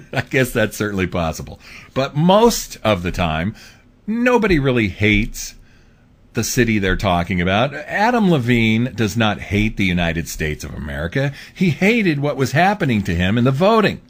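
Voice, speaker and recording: A man's voice: mid-range voice, very animated, moderate pace. A man hosting his own show, talking through a political commentary monologue in a casual, rambling way with fillers. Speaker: host.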